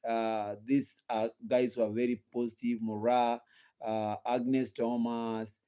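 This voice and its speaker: A man's voice: medium pitch, little pitch movement, takes it slowly, warm tone, clear, resonant tone. A young man with a Kenyan accent hosting a gossip channel in casual live-stream commentary, asking the viewers rhetorical questions and repeating himself while sleepy and yawning. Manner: rhetorical questions to the audience, repetitive.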